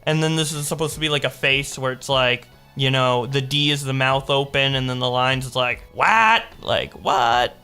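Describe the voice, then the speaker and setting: Young guy reading chat logs out loud, bright sharp voice, sarcastic, faint music under it. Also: mid-range voice, level tone, brisk, few pauses, clear, resonant tone. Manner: sarcastic, reads messages aloud in put-on voices. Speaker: commentary YouTuber.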